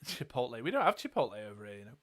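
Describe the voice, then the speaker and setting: A man's voice: medium pitch, huge pitch swings, racing, a bit bright. A British man co-hosting a live tabletop dice game, casually thinking aloud as he reads cards and counts dice. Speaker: game show co-host.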